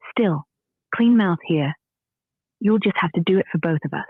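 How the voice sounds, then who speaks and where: A woman's voice: on the low side, lively intonation, normal speed, husky, dry recording. A woman's AI voice with a British accent, chatting in a witty, dry, frank way. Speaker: AI voice assistant. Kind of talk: conversational chat. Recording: tinny phone-like audio.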